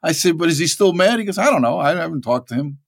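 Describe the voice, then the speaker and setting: A man's voice: fairly high pitch, fast, vocal fry. A man telling rambling stories in a casual interview, acting out the people he quotes. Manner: rambling, animated, acts out quoted voices. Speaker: actor guest.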